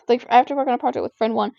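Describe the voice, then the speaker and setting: A high-pitched teenage girl rambles through an exasperated vent session while she plays a game. Her words come packed with "like" fillers. The sound is dry and a bit dull, as if recorded on a lo-fi home mic. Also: fast, gravelly, mellow, dry recording. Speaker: gaming vlogger. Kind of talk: casual venting while playing a game.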